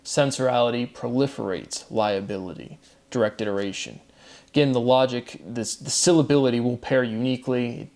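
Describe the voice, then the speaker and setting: A man giving a solo monologue of word derivations, methodical and repetitive, his voice dropping quietly at the end of each set phrase. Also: mid-range voice, normal speed. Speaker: host. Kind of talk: solo recorded commentary.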